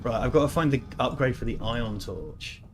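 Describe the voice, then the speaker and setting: A man's voice: mid-range voice, lively intonation, normal speed, faint music behind. Rambling British man chatting over a game. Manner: rambling, swears, laughs often. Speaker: let's play host. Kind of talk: casual gameplay chat.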